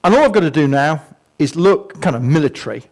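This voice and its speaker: Older guy spinning a funny story, voice up high and jumping all over, mocks himself, does little sound effects. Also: fairly quick. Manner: animated storyteller, self-mocking, vocal sound effects. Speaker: guest speaker. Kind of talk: humorous anecdotal talk. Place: museum talk before a live audience.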